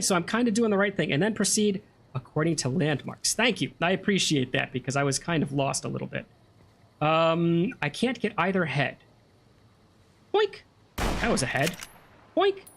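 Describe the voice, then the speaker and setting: A chatty game streamer talks through the play with a lively, bouncing voice that swoops up and down. The commentary is casual and self-mocking, full of fillers and quick laughs at their own mistakes. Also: medium pitch. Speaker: gameplay streamer.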